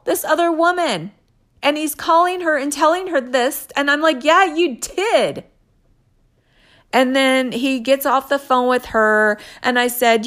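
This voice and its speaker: A woman's voice: on the high side, fairly bright tone. A young adult woman telling a personal story in an emotional way, acting out bits of quoted dialogue as she goes.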